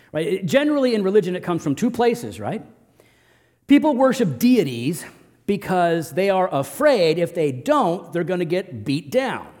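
A man preaching a sermon as pastor, swinging between loud emphatic bursts and soft low asides. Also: long reverb tail.

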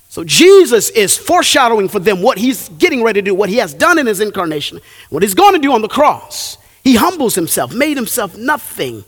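Animated high-voiced male preacher. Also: long reverb tail. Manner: animated preaching, drawn-out emphatic phrases. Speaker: pastor. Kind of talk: sermon.

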